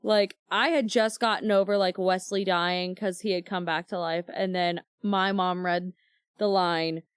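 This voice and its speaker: A young woman in her twenties co-hosting a casual book club podcast, animated and quick to act out quotes. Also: fairly low pitch, smooth, no room sound, clean studio sound. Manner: animated, reads quotes in character voices. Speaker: podcast co-host.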